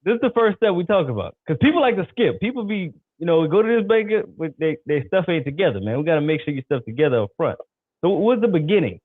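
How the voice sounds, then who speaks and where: A man's voice: a little high, big pitch swings, fast, dry recording. A man co-hosting a podcast in casual chat, laid-back and repeating his questions. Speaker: podcast co-host asking questions. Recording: tinny phone-like line.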